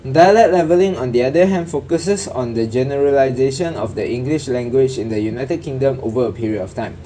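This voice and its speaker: Young male student presenter, warm mid voice, explanatory scripted read over faint noise. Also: mid-range voice. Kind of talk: read-aloud class presentation.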